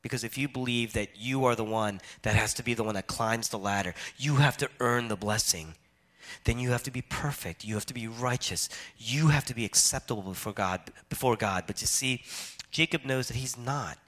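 Man, pastor, sermon, bright tone, dynamic delivery, loud and hushed by turns. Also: mid-range voice, normal speed. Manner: dynamic preaching, swings from loud emphatic to hushed.

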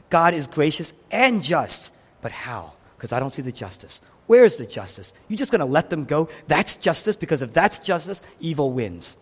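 A man delivers a sermon with fervor, his fairly high voice rising to outcries and dropping to near-whispers. The pitch swings widely from phrase to phrase. His words echo with the long reverb of a large church hall. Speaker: pastor.

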